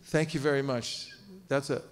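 A man's voice: mid-range voice, normal speed. A man giving a live seminar lecture, quizzing his audience and cracking jokes. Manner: lively, quizzes audience, joking asides. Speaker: seminar teacher. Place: temple cultural hall.

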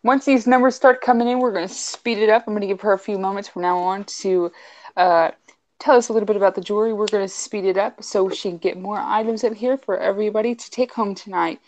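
A woman calling bids on a live online jewelry auction, brisk and chatty, repeating prices and urging viewers to type their numbers. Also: medium pitch, fairly even intonation, darkish tone. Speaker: auctioneer co-host.

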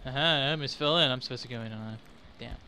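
A man's voice: medium pitch, very fast, sharp tone. A young man giving casual, rambling gameplay commentary, laughing and swearing as he plays. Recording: gunfire and game noise behind.

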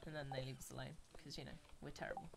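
An English woman hosting a casual multiplayer game stream, giggly and playful, often dropping into quiet asides. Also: rumbling low, fairly even intonation, very fast, vocal fry, heavy background noise. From England. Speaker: streamer and server host. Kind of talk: casual gaming chat.

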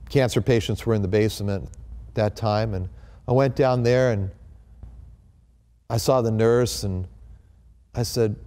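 A man telling a personal testimony as a lively storyteller, acting out the voices he quotes. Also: mid-range voice. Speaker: company founder giving a testimony.

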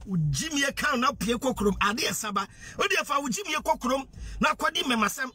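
Man, Ghanaian accent, very high voice, husky, preachy monologue, rhetorical questions, code-switching. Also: expressive, brisk, bright, forceful tone. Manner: mixes Twi, English and pidgin. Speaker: social media commentator. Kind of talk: impassioned direct-to-camera monologue.

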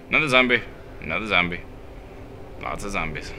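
A man casually commenting on a horror game as he plays, muttering asides and breaking into sudden loud yelps. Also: deep voice, expressive, a little slow, a little hiss or hum. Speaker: let's play commentator.

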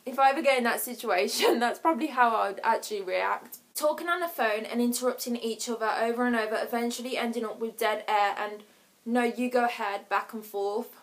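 A chatty woman vlogger talking straight to camera in a casual way. Her voice sits a little high, and she keeps breaking into giggles as she acts out short scenes with quick voices.

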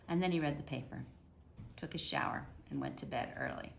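A woman calmly reading a children's picture book aloud. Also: deep voice, brisk, creaky, a little hiss or hum. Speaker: storybook reader.

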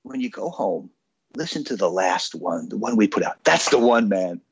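A man's voice: lowish voice, animated, normal speed, dull audio, a crowd in the background. A man voicing a famous male rock star in a quoted anecdote, offhand and dismissive. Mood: breezy, dismissive. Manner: offhand, brushing things aside.

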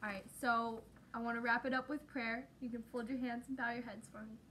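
A woman co-teaching a children's Bible lesson, prompting with questions and leading a gentle prayer. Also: fairly high pitch, level tone, a little fast, few pauses, a little hiss or hum. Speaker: Sunday school teacher.

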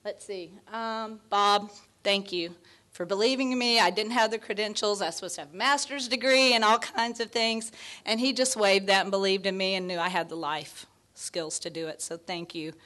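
A woman in her fifties giving a heartfelt, near-tearful award acceptance speech, full of thanks, fillers and soft laughs. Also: mid-range voice, normal speed. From Texas. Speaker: award honoree.

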